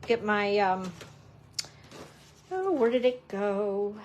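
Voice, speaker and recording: A woman's voice: mid-range voice, lively intonation, takes it slowly, muffled recording, a little hiss or hum. A woman papercrafting instructor chatting through a casual live-stream craft demo, playful and self-mocking with joking asides.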